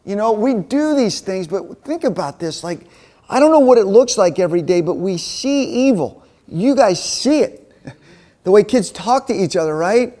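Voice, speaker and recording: A man with a fairly high voice preaches to a men's group in an easy, conversational way. He tells stories from his own life and plays out the back-and-forth of each conversation. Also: expressive, moderate pace, warm tone. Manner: conversational, acts out dialogue in stories. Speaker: men's ministry speaker. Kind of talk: sermon told through personal stories.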